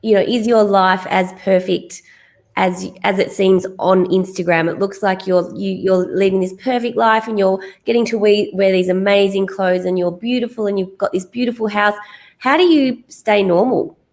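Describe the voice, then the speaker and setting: A woman's voice: mid-range voice, steady tone, moderate pace. A woman hosting a podcast interview, enthusiastic and chatty, asking leading questions. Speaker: podcast host. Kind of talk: casual interview.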